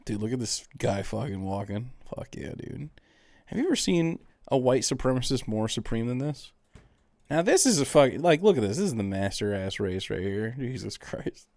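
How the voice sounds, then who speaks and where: A man's voice: medium pitch, animated, normal speed, darkish tone, no echo, clean studio sound. A man streaming, reacting to videos and mocking chat in a sarcastic, profane casual chat.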